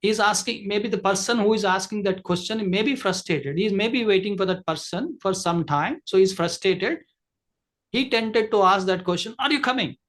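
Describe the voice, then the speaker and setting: A man's voice: high-pitched, normal speed, a bit bright. A man who trains people in communication, giving an online masterclass lecture over a video call, explaining at length with many fillers and restarts.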